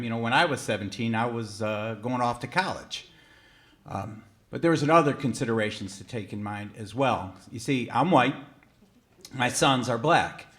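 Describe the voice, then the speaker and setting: A middle-aged man telling a personal story on stage at a museum event, talking conversationally with frequent fillers and pitching his voice up sharply when quoting his own disbelief. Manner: conversational, with many fillers and self-corrections. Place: museum event hall, on stage before an audience.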